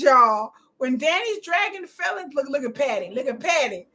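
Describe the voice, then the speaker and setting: A woman with a high, bright voice, commenting on a show at home. Her pitch swings all over as she jokes, swears and reacts out loud. She sounds loud and animated, talking straight to her viewers. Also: moderate pace. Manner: loud, animated, profane and joking. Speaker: watch party host.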